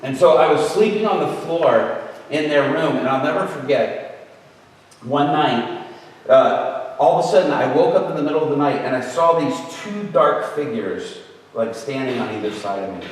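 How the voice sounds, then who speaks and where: A man telling a personal story in a sermon, acting out the people he quotes with big jumps in his voice. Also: mid-range voice. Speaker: preacher. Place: large hall at an event. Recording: echoey hall from far off.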